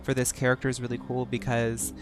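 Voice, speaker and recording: A man's voice: mid-range voice, monotone, fast talker. An American man streaming a game and chatting casually, rambling with lots of fillers. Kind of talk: casual gameplay commentary. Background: game music.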